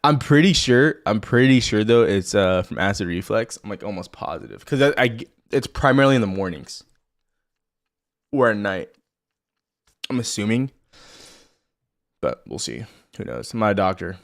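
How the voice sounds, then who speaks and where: A man's voice: fairly low pitch, lively intonation, normal speed, creaky, long pauses. Blunt rambling male trading streamer. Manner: rambling, blunt and profane, addresses viewers directly. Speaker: stock trading livestream host. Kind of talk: casual live market commentary.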